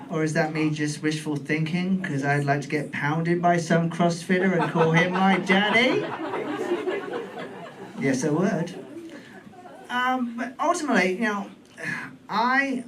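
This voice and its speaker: A British man in his forties performing a stand-up comedy set on a club stage, camp and playful with deadpan asides. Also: high voice, slow, pauses often. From United Kingdom. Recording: distant mic in comedy club, faint room noise.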